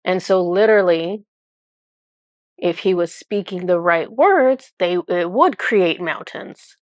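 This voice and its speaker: A woman's voice: on the low side, animated, takes it slowly, dry recording. A woman channeler who explains a spiritual experience in casual talk. She rambles, looks for words and fills her speech with "like". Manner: rambling, searching for words, many "like" fillers.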